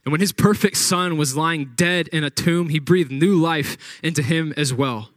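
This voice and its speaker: A man delivers a sermon with a fairly high voice. He reads scripture and then retells it dramatically, acting out what the people said. The sound is dry and close, with no room echo. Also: normal speed, a bit bright. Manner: dramatic retelling with acted-out quotes. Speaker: pastor.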